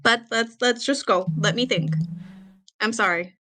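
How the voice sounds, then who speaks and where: Bright-voiced woman playing her character. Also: fairly high pitch, unhurried. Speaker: player. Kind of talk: in-character tabletop play.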